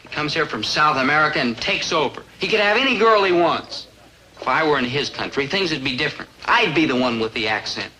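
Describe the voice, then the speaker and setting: An actor playing a wisecracking, lovelorn young American man in a dry, deadpan 1960s sitcom style. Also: on the high side, brisk. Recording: noisy old TV soundtrack.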